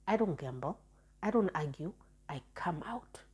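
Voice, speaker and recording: This storytime vlogger speaks in a husky, darkish voice, fairly low in pitch, with lively intonation and an unhurried pace. In a casual monologue, the young woman frankly and chattily recounts a personal relationship story, frequently restarting and repeating words.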